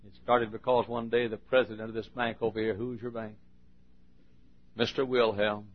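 A man preaching a sermon in a church, swinging between shouted appeals and quiet asides. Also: fairly low pitch, flat delivery, normal speed. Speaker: pastor. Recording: dull lo-fi sermon recording.

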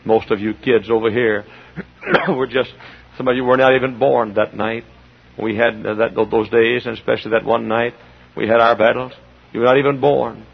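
A middle-aged man preaching as a Baptist pastor, impassioned, dropping to low asides and rising to shouts. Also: level tone, normal speed, gravelly, a little hiss or hum. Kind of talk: sermon. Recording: dull lo-fi recording.

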